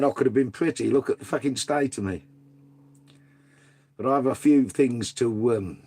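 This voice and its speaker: A man's voice: mid-range voice, dark tone, breathy edge. A middle-aged man hosting a casual livestream, reading out viewers' messages. He calls people mate and son, and swears freely. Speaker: livestream host reading chat. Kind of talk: casual live chat.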